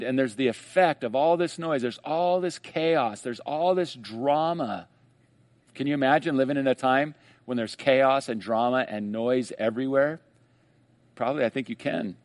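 A man preaching a sermon in a conversational way, slowing down and rising for emphasis on key phrases. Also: mid-range voice, dry recording. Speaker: pastor.

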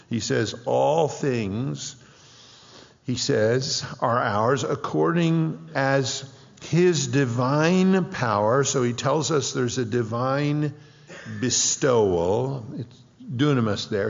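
A man's voice: mid-range voice, vocal fry. A middle-aged man preaching a sermon as pastor, emphatic, repeating phrases and restarting sentences. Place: church hall. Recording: dull sound with long hall reverb.

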